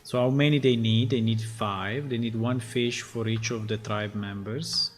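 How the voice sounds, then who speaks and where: A man, a game developer, thinking aloud as he reads through code, halting and muttering puzzled asides to himself. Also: mid-range voice, steady tone, soft background music.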